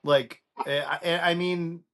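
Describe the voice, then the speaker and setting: A man hosting a casual sports podcast, dropping quick wisecracks. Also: fairly high pitch, steady tone, a bit bright. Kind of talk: casual chat.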